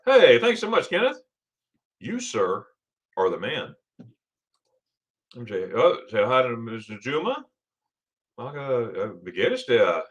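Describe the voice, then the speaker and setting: A man's voice: medium pitch, huge pitch swings, unhurried, long pauses. A middle-aged man from Florida hosting a casual livestream, chatting with viewers and reading their comments aloud, laughing often. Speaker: livestream host.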